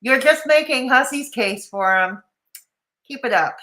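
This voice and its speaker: A woman's voice: high voice, animated, measured pace, pushed and bright, roomy sound, low-quality recording. A woman hosting a livestream, chatting sarcastically with her co-host and viewers. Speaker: streamer host. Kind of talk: casual livestream chat.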